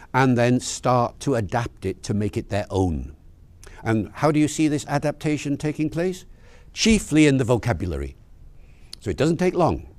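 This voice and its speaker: Lively, animated male lecturer. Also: mid-range voice, no echo. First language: English. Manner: animated storytelling, acts out dialogue. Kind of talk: lecture on language.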